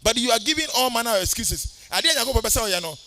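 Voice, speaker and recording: High-voiced Ghanaian preacher, sing-song. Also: male voice, expressive, quick pace, noisy background. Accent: Ghanaian English. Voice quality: sing-song preaching cadence, switching between English and Twi. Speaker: pastor. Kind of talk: sermon.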